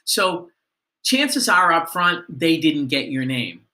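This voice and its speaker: A man leads a sales training lesson, coaching his listeners on how to answer the phone. His voice is bright and sits a little high, and he often turns to the listener with questions. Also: very animated, takes it slowly.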